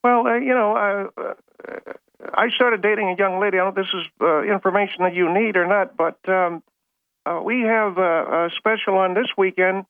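A man calling in to a talk show, speaking haltingly with many fillers and restarts. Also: high voice, fairly even intonation, no echo. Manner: halting, hesitant, full of fillers. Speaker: caller. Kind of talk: phone-in chat. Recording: tinny phone line.

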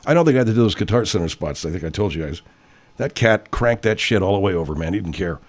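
A man in his sixties hosting a live stream, rambling in profane, animated casual chat. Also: deep voice, fast.

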